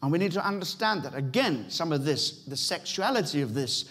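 A man's voice: fairly high pitch, expressive, a little fast, fairly bright tone. A middle-aged man with a British accent preaching a sermon in a church, emphatic, repeating key phrases and speaking straight to the congregation. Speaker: pastor.

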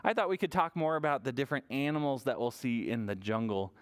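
Man, children's librarian, sing-song toddler story time voice, mid pitch, animated. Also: quick pace.

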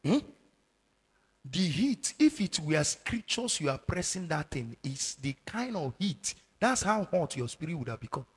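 Husky Nigerian preacher, loud and animated. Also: male voice, measured pace. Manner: swings from low murmurs to shouted warnings. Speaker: evangelist preacher. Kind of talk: sermon. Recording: long hall reverb.

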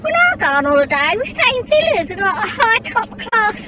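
A woman voicing a sulky, spoiled grown-up female doll that whines and complains in a high, childlike squeak. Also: very animated, normal speed. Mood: huffy. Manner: whiny and complaining. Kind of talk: toy doll role-play. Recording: loud noisy outdoor recording.

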